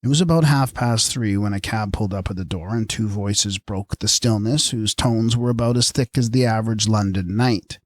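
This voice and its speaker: A man narrating a story aloud in a measured storytelling reading. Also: fairly low pitch, no echo. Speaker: audiobook narrator. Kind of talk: scripted narration.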